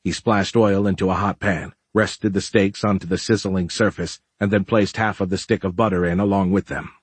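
A man reads an audiobook with a low, husky voice in a steady, even manner. The recording is dry and close, with no room sound. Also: moderate pace, no echo. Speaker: narrator. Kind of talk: audiobook narration.

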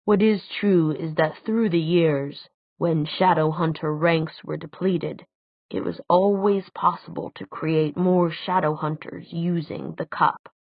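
A woman reading the part of an older male tutor, speaking quietly, slowly and deliberately, grave and measured. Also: low voice, fairly even intonation, no room sound. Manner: quiet, slow, deliberate speech. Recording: dry, tinny phone-like sound.

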